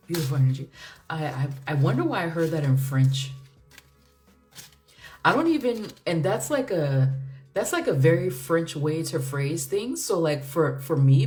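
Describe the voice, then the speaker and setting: A woman's voice: deep voice, dark tone. A woman doing a casual tarot reading, musing aloud in a chatty way with frequent fillers and laughs. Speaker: tarot reader.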